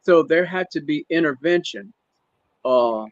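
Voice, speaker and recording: A man tells a story in an emotional, halting way, often restarting his sentences. His voice sits a little high. The sound is dry and slightly muffled, as over a stream call. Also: lively intonation, dry recording. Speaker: guest. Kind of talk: casual storytelling. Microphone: remote stream call.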